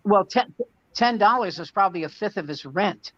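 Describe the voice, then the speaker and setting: A man's voice: sits high, expressive, moderate pace, a bit bright, dry recording. A man comedian telling rambling anecdotes in casual chat. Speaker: comedian and podcast co-host. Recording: dull lo-fi dry sound.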